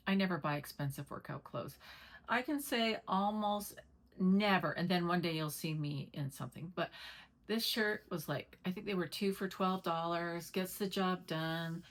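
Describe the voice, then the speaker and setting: A middle-aged woman with a fairly low-pitched voice chats casually to camera at home, and the audio quality is poor. The vlogger rambles and talks to her cat between her stories.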